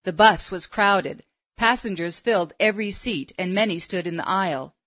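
Female storybook narrator, steady and measured, dry and dull lo-fi recording. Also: mid-range voice, dry recording.

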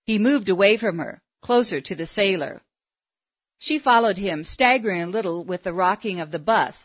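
Female storybook narrator, steady and measured, dry and dull lo-fi recording. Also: mid-range voice, no echo.

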